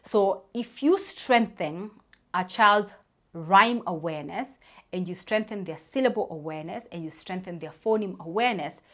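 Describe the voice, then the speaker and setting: A woman in her thirties, a speech therapist, explaining reading tips to parents in a chatty way, often saying "you know" and spelling out sounds. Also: lowish voice.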